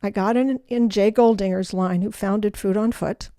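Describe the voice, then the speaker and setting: An older woman, the guest in an interview, telling her life story in an animated way and acting out the voices of people in it. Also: mid-range voice, normal speed, no room sound, clean studio sound. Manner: animated storyteller who acts out quoted voices.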